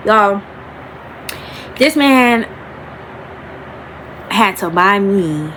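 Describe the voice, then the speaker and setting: A woman's voice: mid-range voice, animated, fairly bright tone, a little hiss or hum, rough recording. A young woman, telling a personal story to camera in a rambling, emotional way and calling her viewers y'all, stretching out the key words. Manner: emotional, rambling, addresses viewers as y'all, slows and rises on emphasis. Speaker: vlogger. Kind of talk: storytime vlog talking to camera.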